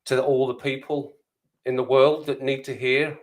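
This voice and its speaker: A man telling a comic tale on a casual live stream. He rambles and repeats phrases for effect, at a mid pitch for a man. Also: level tone, moderate pace.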